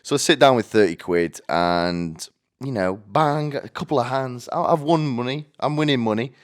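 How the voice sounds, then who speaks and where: A man's voice: mid-range voice, moderate pace. A man in his twenties with a British accent, telling a story in a rambling, self-mocking monologue full of coarse slang. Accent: British English. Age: 20s. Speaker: podcast host.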